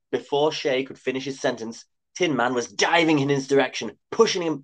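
A man reading his own comic story aloud with dry, wry asides. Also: medium pitch. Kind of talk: comic scripted narration.

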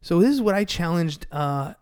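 Male podcast host, thirties, energetic coaching tone, slightly high voice. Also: normal speed, smooth. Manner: energetic, motivational, frequent "right?". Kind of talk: casual podcast chat.

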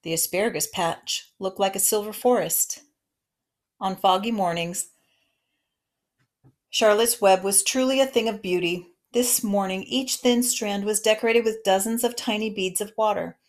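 A woman narrating a children's novel aloud in a gentle, expressive storytelling manner. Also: medium pitch, normal speed.

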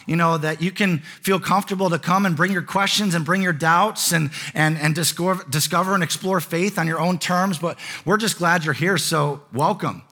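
A man's voice: on the high side, normal speed, few pauses, pushed and bright. A man preaching a sermon as pastor, conversational in tone and building to emphatic repeated lines.

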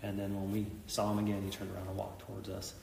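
A man's voice: lowish voice, completely flat delivery, quick pace, vocal fry, darkish tone, reverberant, long reverb tail, recorded from a distance, slight background noise. A middle-aged man, a police officer and veteran, telling an intense story in an interview, acting out what people said. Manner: intense retelling, acts out quoted lines.

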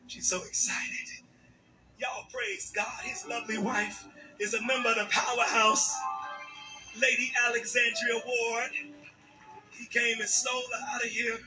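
A man leading a church service, shouting repeated calls for praise before introducing a guest preacher. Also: high-pitched. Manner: call-and-response shouting, repetitive exhortation. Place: church sanctuary. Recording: church service filmed from far, music behind. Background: organ music.

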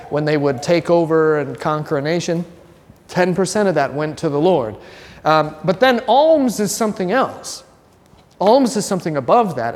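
Classroom teacher, joking and chatty, quizzes students, long room reverb. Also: medium pitch. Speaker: religion teacher. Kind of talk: classroom lesson with student questions.

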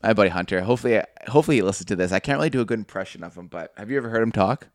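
A man's voice: on the low side, animated, racing, no room sound, clean studio sound. A young man co-hosting a podcast, chatting casually, swearing and laughing often. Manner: laughs a lot, swears, does comic voices. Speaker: podcast co-host. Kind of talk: casual profane chat.

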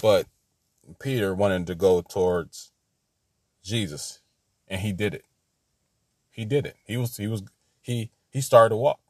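A man's voice: fairly low pitch, measured pace, pauses often, breathy edge. A man teaching an informal Bible lesson, rambling and repeating himself, laughing at his own asides.

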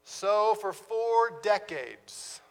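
High-voiced man preaching in a hall. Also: expressive. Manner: dramatic, slows down for emphasis, drops to a hush. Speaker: pastor. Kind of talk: sermon.

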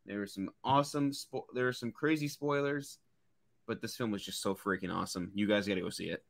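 Bright, enthusiastic male guest. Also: on the low side, steady tone, brisk, gravelly. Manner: enthusiastic, friendly. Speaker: guest, podcast host. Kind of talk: casual chat, promoting his podcast.

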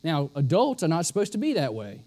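A man delivering a sermon in a notably high voice. He presses each point hard and often says it twice for weight. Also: wildly swooping pitch, fairly quick, warm tone. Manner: emphatic, repeats lines for stress. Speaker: preacher.

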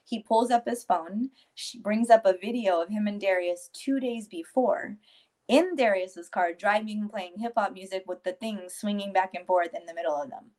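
A woman in her forties, a grieving mother as guest, telling a personal story in a tearful yet steady way and quoting others in lively voices. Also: mid-range voice, normal speed.

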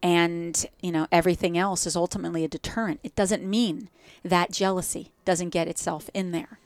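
Smooth-voiced woman with a New Jersey accent. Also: lowish voice, fairly even intonation, moderate pace, dry recording. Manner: reflective, spiritual, talks in metaphors. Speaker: guest. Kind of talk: casual podcast conversation.

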